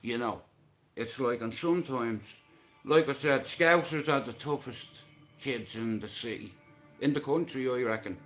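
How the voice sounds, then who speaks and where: A man's voice: mid-range voice, a little slow, fairly bright tone, soft background music. A middle-aged Irish man talking on his live stream in a blunt, rambling way, swearing freely.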